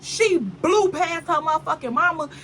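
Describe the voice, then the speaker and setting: Brief: woman storyteller, lively and dramatic, bright voice with faint background noise. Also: very high voice, moderate pace, poor audio. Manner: animated and dramatic, full of slang asides to the viewer. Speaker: vlogger. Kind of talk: casual storytime chat.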